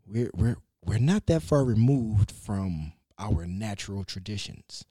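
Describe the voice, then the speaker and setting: A man telling a story in a casual conversation, loose and animated, with slang, cursing and frequent restarts. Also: lowish voice, a little slow, breathy edge, dry recording, clean studio sound.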